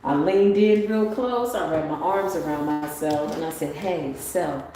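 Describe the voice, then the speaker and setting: A woman giving a motivational spiritual talk on a livestream, animated and swinging up into excited exclamations. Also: deep voice, normal speed. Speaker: spiritual tarot reader. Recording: very echoey room with faint ambient noise.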